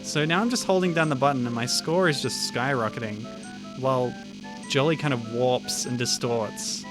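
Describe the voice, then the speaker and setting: A man's voice: mid-range voice, moderate pace, over music. A man streaming games, chatting casually, thinking aloud and laughing often. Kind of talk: casual livestream chat.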